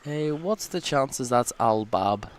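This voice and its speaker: A man's voice: mid-range voice, lively intonation, slow. An Irish man giving casual live pool commentary with teasing, wry banter.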